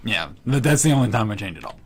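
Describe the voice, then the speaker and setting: A man's voice: on the low side, lively intonation. A young man with a stuffy, congested head, joking and riffing through casual gaming commentary. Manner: joking, quick to riff and do bits. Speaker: let's play co-commentator.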